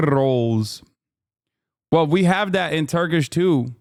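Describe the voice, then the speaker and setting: A man in his thirties streaming reaction commentary, animated and joking as he reads from his chat, on a close desk mic. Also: fairly high pitch, moderate pace, smooth, dry recording.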